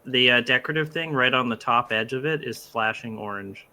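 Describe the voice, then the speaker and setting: A man's voice: medium pitch, fairly quick, sharp tone. A man in casual gaming stream chat who drops dry quips.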